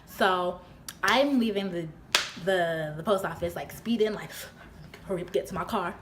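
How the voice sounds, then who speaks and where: A woman's voice: normal speed, background noise. Chatty young woman vlogger. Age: young adult. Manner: chatty, filler-heavy, often laughing; voice leaps high when quoting her own exasperation. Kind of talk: storytime retelling.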